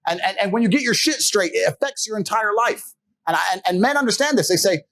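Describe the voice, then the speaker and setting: A man with a slightly high voice talks as an interview guest. His delivery is blunt and emphatic, full of swearing, as he tells stories casually. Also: animated, quick pace, a bit bright, low-quality recording.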